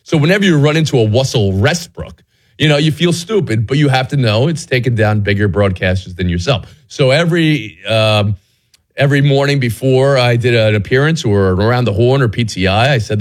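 A man hosting a sports talk radio show, chatting casually and playfully with his crew. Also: brisk. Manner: playful, tongue-twister teasing, lively swings in pitch.

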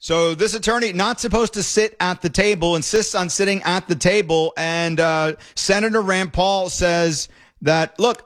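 A man hosting casual political commentary, emphatic and excited as he reacts to clips. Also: high-pitched, normal speed. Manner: emphatic, excited, fond remarks.

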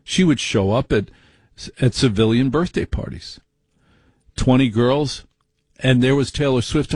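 A man's voice: medium pitch, very animated, measured pace, gravelly, a little mellow, husky, no echo. A man with a brash, rambling, opinionated monologue style, talking in a mock-exasperated way.

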